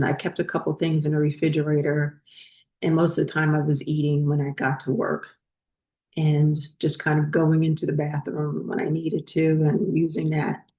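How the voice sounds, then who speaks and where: A woman's voice: low voice, darkish tone, reverberant. A woman host telling a personal story in a casual, rambling way, full of fillers and restarts. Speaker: spiritual channel host.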